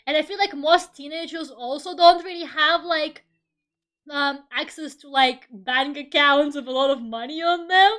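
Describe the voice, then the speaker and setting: A woman's voice: high-pitched, normal speed, fairly bright tone, soft background music. A young woman from Russia chatting casually during an art stream, swearing freely, laughing often and rambling. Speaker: VTuber streamer.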